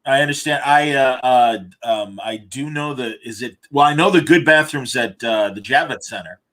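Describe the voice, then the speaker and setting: A male podcast host talks with eager energy, his voice bright and forward. He spins stories with stops and restarts, his pitch in a middle range. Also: normal speed. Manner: enthusiastic storyteller, hesitant restarts. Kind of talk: casual chat.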